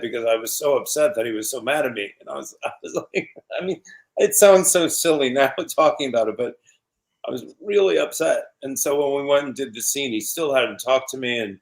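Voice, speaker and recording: Man, fifties, from New York, interview guest, animated storyteller, middle pitch. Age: 50s. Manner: animated anecdotes with laughs and quoted voices. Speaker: actor guest.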